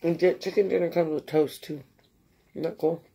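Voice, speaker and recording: A tired woman with a raspy voice, chatting casually and rambling between bites in an eating vlog. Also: fairly low pitch, steady tone, normal speed, mellow. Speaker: mukbang vlogger.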